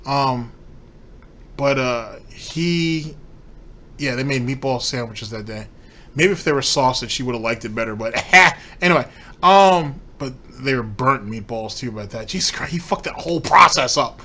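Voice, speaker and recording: Male host for a ranting commentary segment, profane and mocking, average pitch. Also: expressive, a little slow, bright, forceful tone.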